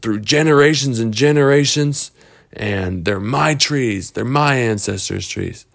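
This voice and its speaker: A grumpy, possessive Christmas troll who guards his trees, speaking in slow, stern, brooding lines, as a man puts him on. The voice sits a little raised above the teller's own and keeps a gravelly edge. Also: medium pitch, pitched above the performer's own voice.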